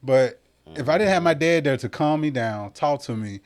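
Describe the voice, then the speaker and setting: A man, telling lively childhood stories as a podcast guest. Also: fairly high pitch, normal speed. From Memphis, USA. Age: 40s. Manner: animated, acts out other people's voices. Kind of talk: casual storytelling.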